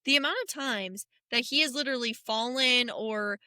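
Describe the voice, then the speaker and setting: A young woman co-hosting a podcast, retelling a film in a lively, slangy, joking way. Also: a little high, moderate pace, clean tone, no echo, studio quality. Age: young adult. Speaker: podcast co-host. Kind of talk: casual chat.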